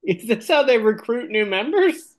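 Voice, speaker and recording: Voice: mid-range voice, sing-song, moderate pace. A co-host listening to a story and chiming in with brief, amused questions and short interjections. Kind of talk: casual chat, reacting to a story.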